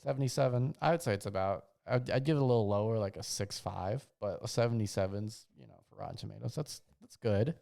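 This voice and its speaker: Young guy hosting his own show, just rambling and ranting, lots of slang, smooth clear voice. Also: on the low side, fast talker, few pauses, mellow. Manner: rambling, slangy, trails off and restarts. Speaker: podcast host. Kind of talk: casual comedic rant.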